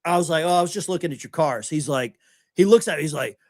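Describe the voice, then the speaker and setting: A man's voice: on the high side, animated, fast, darkish tone, no echo. A middle-aged American man telling anecdotes in casual podcast chat and acting out the people he quotes. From United States. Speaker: podcast host.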